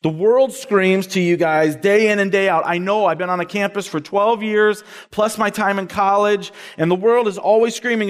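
A high-pitched male preacher gives an animated sermon to college students and acts out the voices he quotes. His voice rings with a long reverb from the large hall he speaks in. He talks like a campus minister addressing his students. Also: normal speed, hardly any pauses.

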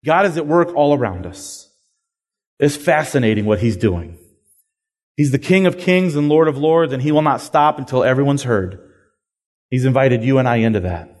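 A man preaching a sermon to a crowd, telling the story in a lively, casual way with slang. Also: mid-range voice, normal speed. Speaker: pastor. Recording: long hall reverb.

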